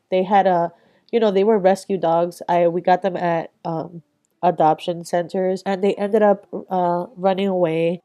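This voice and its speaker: A woman's voice: on the low side, dark tone. A young adult woman vlogger giving a candid, reflective voice-over, casual and swearing freely.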